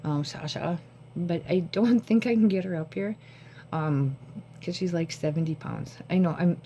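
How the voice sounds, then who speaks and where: A woman with a lowish, mellow voice talks to her phone camera at home. Short on sleep, she rambles casually from one thought to another. A faint hum sits under her voice. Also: moderate pace. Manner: rambling, jumps between thoughts. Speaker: vlogger.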